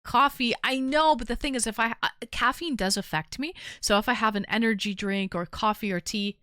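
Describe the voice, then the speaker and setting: A woman's voice: on the high side, a little fast, pushed and bright, clear, resonant tone, dry recording, studio quality. A tired woman hosting a livestream call-in show, chatting casually and playfully teasing her callers. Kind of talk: casual chat.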